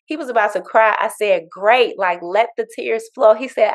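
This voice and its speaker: A woman grief coach talking in an interview, earnest and animated, telling stories and repeating affirmations. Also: a little high, normal speed. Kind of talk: interview conversation.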